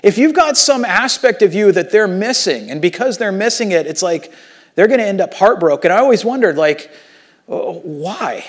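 A male pastor preaches in a lively, conversational manner. His voice sits a little higher than most men's. He moves between loud, emphatic passages and quiet, hushed ones. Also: moderate pace. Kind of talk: sermon.

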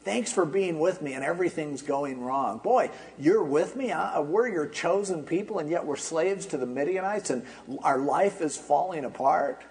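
A man's voice: fairly high pitch, animated, normal speed, few pauses, darkish tone. A man preacher voicing a doubting young Israelite farmer, sarcastic and complaining to God. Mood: sarcastic complaint.

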